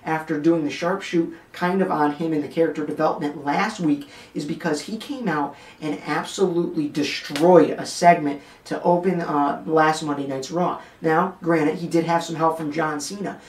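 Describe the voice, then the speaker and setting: A man's voice: fairly high pitch, steady tone, normal speed, few pauses, roomy sound, distant mic. A man hosting a wrestling podcast, giving blunt, joking commentary straight to his listeners. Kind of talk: opinionated commentary rant.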